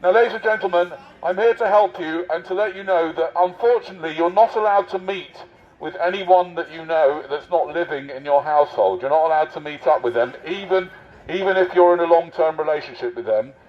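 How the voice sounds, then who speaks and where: Mock-officious man, high voice. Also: brisk. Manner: mock-officious, teasing, addresses passers-by. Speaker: street prankster posing as covid marshal. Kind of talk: satirical street performance. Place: busy city street outdoors. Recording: dull lo-fi street recording.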